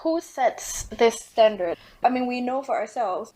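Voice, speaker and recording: A woman's voice: on the high side, a little slow, mellow, low-quality recording. A Malaysian woman with a Malaysian English accent and a cold, an event emcee chatting loosely on a podcast. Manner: loose, chatty, many "like" fillers. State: has a cold. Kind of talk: casual podcast chat.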